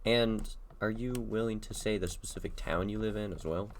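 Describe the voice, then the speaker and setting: A young man from Texas with a low-pitched voice keeps the talk loose and joking as he asks his guest questions. He chats casually while he plays a game, and a faint hiss of noise sits under his voice. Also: fairly even intonation, normal speed. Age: young adult. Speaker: streamer and interviewer. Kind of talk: casual chat while gaming.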